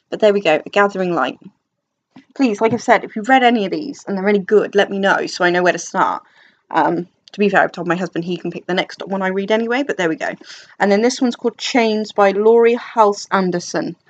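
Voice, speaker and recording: A young book vlogger from England talks casually about books at home in a dim room, rambling, putting herself down, and using many fillers and restarts. Her mid-range voice comes through on dull audio.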